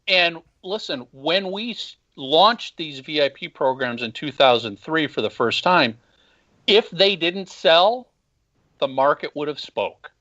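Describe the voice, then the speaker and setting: A man's voice: a little high, lively intonation, unhurried, pushed and bright. Blunt, opinionated man on a muffled call-in line. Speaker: podcast host and former band marketer. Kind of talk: casual call-in interview. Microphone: phone call.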